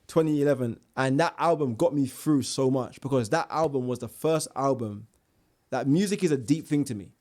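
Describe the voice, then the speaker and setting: Young man, animated storyteller, casual interview guest, slang-heavy. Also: medium pitch, moderate pace.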